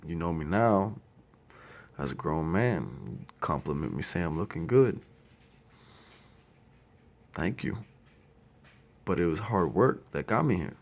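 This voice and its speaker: Brief: man in his thirties, very low gravelly voice, lively swings in pitch, blunt profane storyteller. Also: slow pace, pauses often. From Ohio. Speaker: grieving older brother. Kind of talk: personal tribute monologue.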